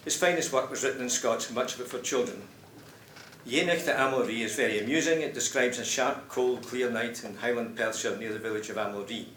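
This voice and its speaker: Man, poetry presenter, measured explanatory talk, bright tone, echoey hall. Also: medium pitch, far from the mic. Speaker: presenter of poems. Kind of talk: poetry reading and introduction. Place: conference hall. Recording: roomy hall with faint noise.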